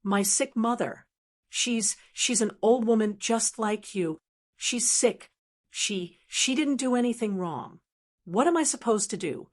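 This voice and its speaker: Shrill stammering daughter-in-law in a panic, put on by a woman reading a story; pitched well above the narrator. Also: unhurried. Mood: pleading. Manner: shrieking, pleading, stammering. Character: frantic desperate daughter-in-law, middle-aged woman.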